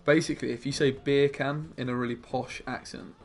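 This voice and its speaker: A man's voice: medium pitch, fairly even intonation, a little fast, faint music behind. A young man streaming a card game, chatting casually with his viewers and muttering about his plays. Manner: chatty, laid-back, mumbles asides to himself.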